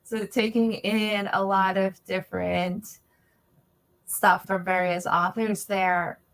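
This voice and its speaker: Woman, podcast host, casual interview, slow unhurried pace, short encouraging replies. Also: medium pitch, little pitch movement, fairly bright tone. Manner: brief encouraging responses.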